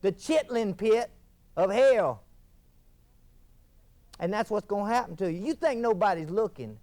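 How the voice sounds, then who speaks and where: An actor playing a fiery male TV preacher, delivering a folksy fire-and-brimstone sermon with wild swings in pitch. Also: animated, a little slow, darkish tone. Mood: preaching. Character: fiery male TV preacher thundering about damnation. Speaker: televangelist. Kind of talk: scripted mock TV sermon.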